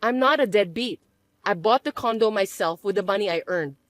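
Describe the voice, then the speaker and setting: A woman voicing a calm young businesswoman who answers in a cool, measured, dry way. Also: medium pitch, no room sound, natural voice. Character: calm self-made businesswoman, young adult. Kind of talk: dramatized story dub.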